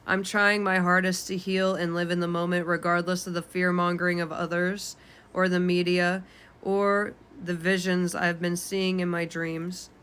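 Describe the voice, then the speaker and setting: A woman's voice: fairly low pitch, little pitch movement, normal speed, a bit bright, clear, resonant tone. A woman in her twenties reading her own journal aloud, candid and unfiltered, swearing casually. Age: 20s. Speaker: vlogger.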